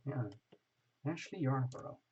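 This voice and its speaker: A chatty man hosts a live stream, reading out comments and bantering with his viewers. His voice is husky and sits at an ordinary pitch. The audio is a little muffled. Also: unhurried, dark tone. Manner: chatty and joking, greets viewers by name. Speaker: tarot reader hosting a live stream.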